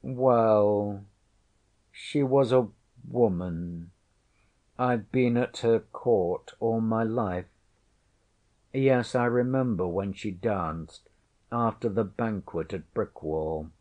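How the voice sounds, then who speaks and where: A man's voice: fairly low pitch, takes it slowly, a little mellow. A man voicing a proud, teasing noblewoman, a disguised queen, with archaic, haughty, wry speech in a storybook reading. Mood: wry, regal. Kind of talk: audiobook character voice.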